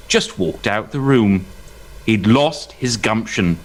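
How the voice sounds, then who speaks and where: A man improvising a comic short story as narrator, telling it with lively delivery. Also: deep voice. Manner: animated, quick to laugh at himself. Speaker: improv performer.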